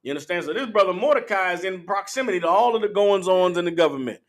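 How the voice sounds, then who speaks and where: A man's voice: sits high, animated, fast. A man teaching scripture, emphatic and profane, checking in with his listeners. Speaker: Bible teacher. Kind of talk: call-and-response scripture teaching.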